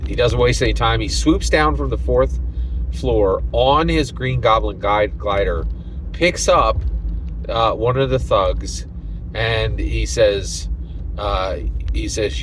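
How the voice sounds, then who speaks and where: Chatty low-voiced male game master. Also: noisy background. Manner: rambling, chatty, keeps asking "right?". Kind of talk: casual recap of a tabletop game session.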